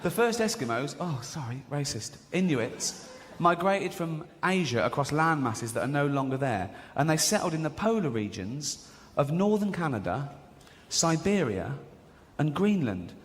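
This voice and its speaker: A man's voice: on the high side, big pitch swings, normal speed. A middle-aged man doing stand-up comedy, cheeky and chuckling, with mock apologies. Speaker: comedian and awards host. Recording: loud noise, long hall reverb.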